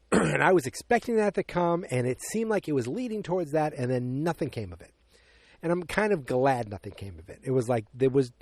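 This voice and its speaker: A man's voice: medium pitch, darkish tone, no echo. A man hosting a podcast, casually recapping a movie plot in a rambling way, full of fillers and acted-out quotes. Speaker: podcast host.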